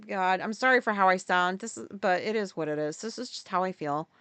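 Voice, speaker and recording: Podcast host, woman, fairly high voice, candid and swearing, dry close mic. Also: fairly even intonation, fairly bright tone, no echo. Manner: halting, profane, with restarts and sudden pitch jumps. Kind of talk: candid personal storytelling.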